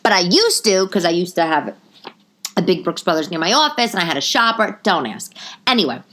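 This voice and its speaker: A woman hosting a podcast, telling a story in an animated, dramatic and profane way. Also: fairly low pitch, a little fast. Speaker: podcast host. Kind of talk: casual storytelling. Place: living room.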